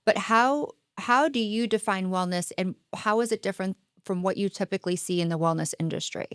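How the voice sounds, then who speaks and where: A woman hosting a podcast who asks thoughtful, measured interview questions. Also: mid-range voice, clean tone, no echo, clean studio sound. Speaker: podcast host.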